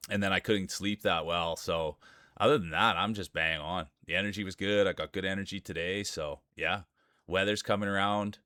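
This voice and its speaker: A man's voice: low voice, pushed and bright, dry recording, studio quality. A man with a Canadian accent streaming live, greeting his chat by name and joking through marble race commentary. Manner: chatty, greets viewers by name, jokey.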